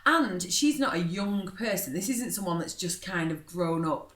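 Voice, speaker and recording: A woman's voice: on the low side, animated, moderate pace, a bit bright. A woman co-hosting a casual podcast chat, laughing often. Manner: giggly, lots of laughter. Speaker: podcast co-host. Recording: echoey room.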